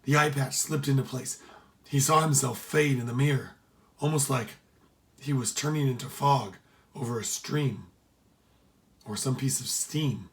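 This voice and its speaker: A man reading a children's adventure story aloud. He narrates steadily and with expression. His voice sits at an average pitch. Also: a little slow, pauses often.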